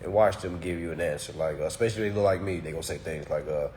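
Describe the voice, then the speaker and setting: A man's voice: low voice, rapid-fire, a little mellow, slight background noise. A man giving a casual political rant, speaking emphatically and straight to his listeners. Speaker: commentator.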